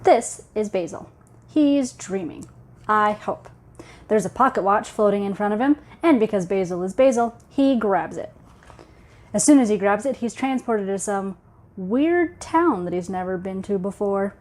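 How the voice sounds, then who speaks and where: A woman's voice: medium pitch, animated, unhurried, darkish tone. A woman who markets a webcomic, reading and retelling a comic chapter aloud in a chatty, playful way. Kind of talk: casual comic-book read-aloud.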